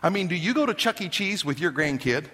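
A man preaching a sermon in an emphatic, animated way, with joking asides to the congregation. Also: fairly high pitch, quick pace, long reverb tail. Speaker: pastor.

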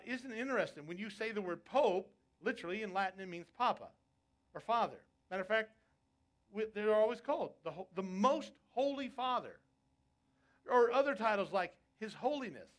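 A man's voice: high voice, fairly bright tone. A male preacher delivering a sermon, emphatic and asking his congregation rhetorical questions. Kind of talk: sermon on prophecy.

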